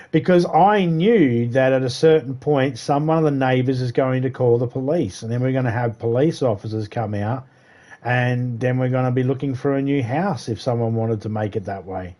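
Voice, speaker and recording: With a warm, mid-range voice, a middle-aged man talks animatedly at a moderate pace while streaming a game. His casual chat is full of swearing and rambling storytelling.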